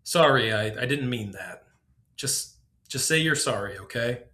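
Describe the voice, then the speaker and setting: A man voicing a tired young woman looking after two children in a read-aloud story, gentle but firm. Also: mid-range voice, animated, a little slow.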